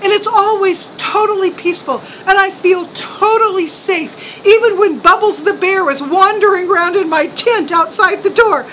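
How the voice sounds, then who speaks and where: A mom playing her excitable grown son, very high and bright, breathless exclamations. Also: moderate pace, hardly any pauses, a little hiss or hum, rough recording. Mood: shaken. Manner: breathless, exclaiming, laughing through the retelling. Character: shaken young adult son, rattled and excitable.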